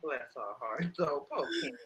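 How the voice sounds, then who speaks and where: A woman's voice: low voice, wildly swooping pitch, moderate pace, fairly bright tone, breathy edge. A woman co-hosting a casual live TV recap, blunt and profane in her comments. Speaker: co-host reviewer.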